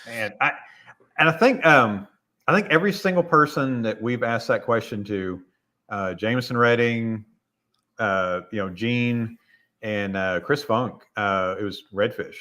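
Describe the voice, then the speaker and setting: A man hosting a podcast, chatting in an easygoing way and often pausing on "uh" and "you know". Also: lowish voice, sharp tone. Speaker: podcast host. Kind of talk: casual podcast chat.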